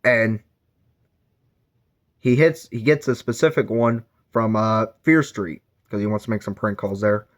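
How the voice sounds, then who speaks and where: A man's voice: fairly low pitch, measured pace. Rambling young-sounding man reviewing a book. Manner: rambling, filler-heavy, self-correcting.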